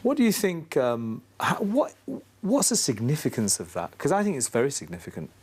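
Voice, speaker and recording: A woman's voice: extremely low pitch, wildly swooping pitch, moderate pace, a little mellow, slight background noise. A woman hosting a podcast interview, asking questions and giving frequent short encouraging affirmations. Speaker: podcast host.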